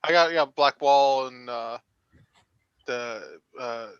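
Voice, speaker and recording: A man playing a tabletop game, giggly and excitable in casual banter. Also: medium pitch, takes it slowly, clear, resonant tone, dry recording. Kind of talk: casual banter between players. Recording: dry, dull lo-fi mic.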